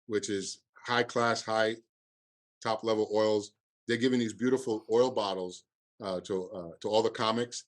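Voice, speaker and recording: Halting man with a Cuban accent. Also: lowish voice, fairly even intonation. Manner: halting, repeats words, many fillers. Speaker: comedy festival producer. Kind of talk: casual podcast interview.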